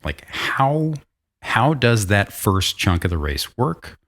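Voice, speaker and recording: A man hosting a podcast, chatty and animated as he sets up stories and questions. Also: lowish voice, slow. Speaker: podcast host. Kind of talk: casual podcast chat.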